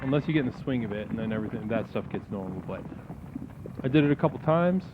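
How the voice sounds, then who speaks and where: A man's voice: mid-range voice, expressive, fast. A man hosting a comedic new-age call-in stream, talking in a soothing spiritual-guru patter. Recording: phone-like lo-fi with faint music.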